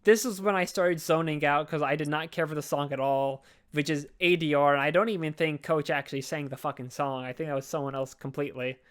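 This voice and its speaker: Guy recapping a movie on a podcast, slightly high smooth voice, does goofy character voices and swears a lot. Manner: animated, acts out characters in quick voices, swears. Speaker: podcast co-host. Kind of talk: casual movie recap chat.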